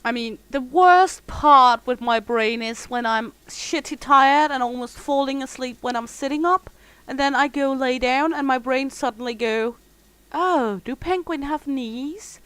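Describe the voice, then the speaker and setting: A woman's voice: high-pitched, moderate pace, fairly bright tone, smooth, no room sound, low-quality recording. A woman streaming a simulation game, chatting casually and jokingly with her viewers. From Denmark. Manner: chatty, joking, reads chat aloud. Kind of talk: casual chat with viewers while gaming.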